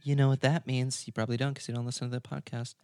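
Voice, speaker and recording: A man's voice: medium pitch, flat delivery, very fast, noisy background. A man co-hosting a casual podcast, goofy and giggly, joking around and making up words. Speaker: podcast co-host.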